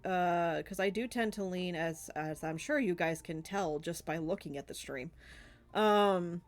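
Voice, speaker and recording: In an unhurried, fairly low voice, a streamer and artist with a Southern US accent rambles through a casual Q&A, giggling and using lots of fillers.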